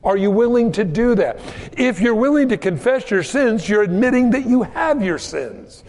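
This pastor has a high voice and preaches in a large hall, keeping his sermon relaxed and conversational. He tells homespun stories about kids and does quick voices for the people in them.

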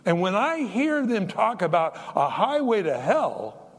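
An older man preaching a sermon in a folksy, animated way, joking between his points. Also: high voice, unhurried. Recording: long hall reverb.

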